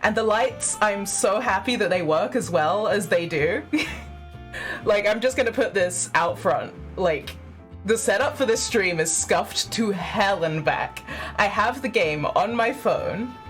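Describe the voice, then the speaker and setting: A young woman streaming a game, chatty and self-deprecating, breaking into giggles between remarks. Her pitch bounces widely as she talks, and faint game music plays underneath. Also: lively intonation, unhurried. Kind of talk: casual live-stream chat.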